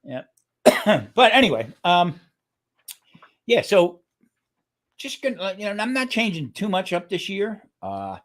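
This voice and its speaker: Rambling man with a lively voice. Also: high-pitched. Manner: rambling, halting restarts, frequent "okay?". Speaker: guest keto cooking channel creator. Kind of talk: casual podcast chat.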